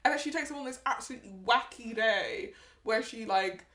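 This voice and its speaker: A woman co-hosting a podcast, telling stories in a lively way and acting out the quotes. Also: on the high side, fairly quick. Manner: animated storytelling, acts out quotes. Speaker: podcast co-host. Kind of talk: casual chat. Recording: roomy echo.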